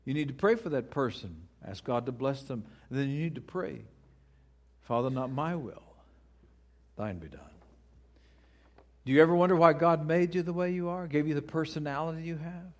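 In church, a middle-aged male pastor preaches a sermon earnestly, swinging from loud, pleading questions to quiet, hushed prayer. His voice is on the high side, and he speaks quickly with hardly any pauses.

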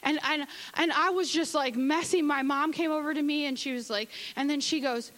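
A woman's voice: sits high, moderate pace, hardly any pauses, a bit bright, poor audio. A woman giving a candid, conversational church testimony, acting out her own asides. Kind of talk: sermon testimony.

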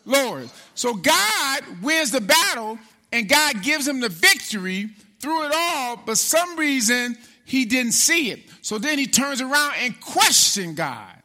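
A man preaching with a high, lively voice that leaps up and down as he drives his points home. His tone is sharp and piercing, and he calls out to the congregation for answers, slipping into the voices of the figures he quotes. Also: slow pace. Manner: animated preaching with call-and-response; acts out biblical figures in quoted speech. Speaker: pastor. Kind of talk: sermon.

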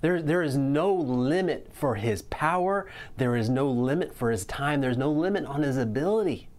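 A man preaching a sermon in an earnest way, slowing down to stress key lines. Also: medium pitch, animated, a little mellow. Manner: earnest preaching, slows down for emphasis. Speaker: pastor.

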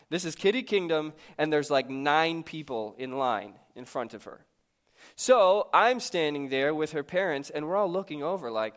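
Pastor, thirties, male, slightly high voice, chatty and self-mocking while telling a sermon story. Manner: lively, conversational and self-mocking.

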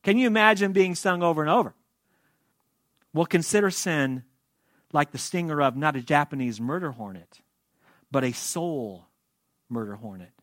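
A man delivers a sermon in a fairly high voice, swinging from forceful, raised emphasis to hushed, low asides. The recording is dry and close, with no room echo. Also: animated, normal speed, pauses often. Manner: dynamic preaching, swings between loud emphasis and soft asides. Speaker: pastor.

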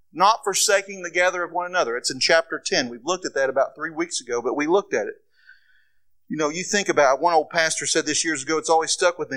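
A man preaching a sermon as pastor, slowing down and rising in emphasis when he reads scripture. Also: fairly high pitch, pushed and bright, low-quality recording.

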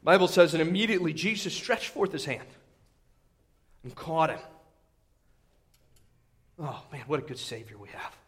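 A man preaching a sermon, retelling a story in animated fashion, full of fillers and repeats, swinging between shouts and hushed asides. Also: on the high side, moderate pace, long pauses. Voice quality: filler-heavy, repetitive.

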